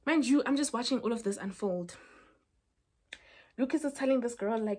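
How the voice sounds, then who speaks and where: Chatty woman, higher voice. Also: fast. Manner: chatty and animated, with lots of fillers and asides to viewers. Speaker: storyteller vlogger. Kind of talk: casual storytime chat.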